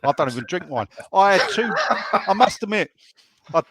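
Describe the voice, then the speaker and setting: A man's voice: sits high, big pitch swings, moderate pace, a bit bright, no room sound. A man with a Cockney accent, a guest telling rambling, laughing stories in casual chat, with many restarts. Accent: London Cockney. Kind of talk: casual podcast chat, storytelling.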